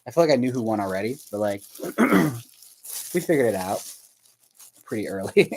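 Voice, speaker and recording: A warm, lowish voice with lively intonation comes at a normal speed over slight background noise. The man is a livestream host painting dolls and chatting casually with viewers; he curses, laughs often, and rambles while trying to recall things out loud.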